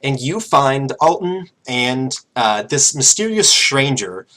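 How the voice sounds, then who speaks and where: A man's voice: medium pitch, sing-song, slow, pushed and bright. Casual male game master narrating. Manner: casual, filler-heavy narration.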